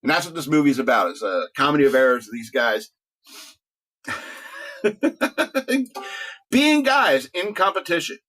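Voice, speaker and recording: A man's voice: fairly high pitch, big pitch swings, measured pace, long pauses, a bit bright. A middle-aged man hosting a talk radio show, rambling casually, joking, laughing often and restarting his words.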